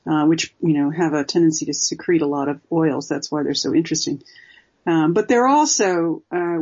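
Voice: medium pitch, darkish tone, breathy edge. An interview guest, a former zoologist, explaining at length with many fillers. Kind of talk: interview conversation. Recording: dull lo-fi recording.

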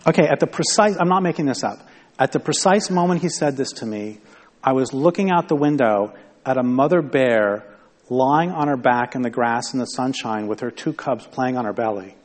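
A man's voice: medium pitch, lively intonation, normal speed. A man giving a conversational public talk to an audience, rambling and wry, often interrupting himself. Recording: long hall reverb.

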